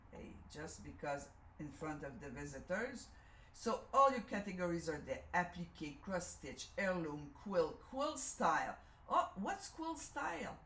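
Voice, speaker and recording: A woman's voice: lowish voice, fairly bright tone, a little hiss or hum. A woman with a Canadian French accent, French her first language, demonstrating a sewing machine in a chatty, self-correcting way, often asking "okay?". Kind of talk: live product demonstration. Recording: echoey room.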